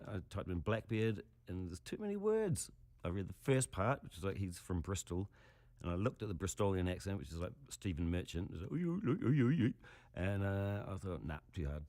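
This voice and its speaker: A man with a New Zealand accent, joking about himself in a deadpan, self-mocking way. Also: low voice, no room sound. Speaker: actor in a comic clip. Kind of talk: comic self-mocking monologue.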